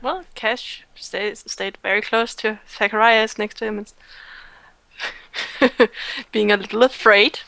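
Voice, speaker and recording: Bright-voiced woman playing a tabletop game. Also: medium pitch, steady tone, slow pace, creaky, pauses often, dry recording, low-quality recording. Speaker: player. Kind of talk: casual tabletop play.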